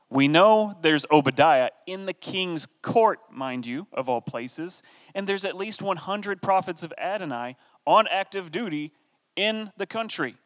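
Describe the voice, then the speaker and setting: A man's voice: fairly high pitch, fairly bright tone, long reverb tail. Conversational man teaching from scripture. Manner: conversational, reads scripture aloud with asides. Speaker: preacher. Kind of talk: Bible teaching.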